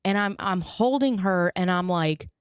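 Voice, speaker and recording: A woman's voice: on the low side, a little slow, clean tone, dry recording, clean studio sound. A young woman hosting a podcast, telling a story casually with fillers and swearing, acting out quoted lines in a raised voice. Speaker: podcast host.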